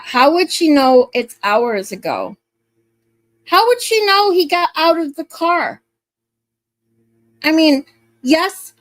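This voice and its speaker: High-voiced woman reacting bluntly. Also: fairly bright tone, no echo. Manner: blunt, swears, talks over paused clips. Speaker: true-crime commentary host. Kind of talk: casual reaction commentary.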